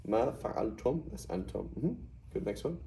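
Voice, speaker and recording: This middle-aged Quranic Arabic teacher races through his explanations, animated and conversational, frequently checking "right?". His voice is on the low side, dark, with vocal fry, and the rough recording carries a little hiss or hum.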